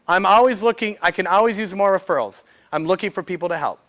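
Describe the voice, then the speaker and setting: A man speaks at a business event. He talks to a live audience in a lively way. He acts out little snippets of conversation and throws questions to the room. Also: high-pitched, fast. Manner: lively, quotes made-up dialogue with audience questions. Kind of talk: live workshop talk.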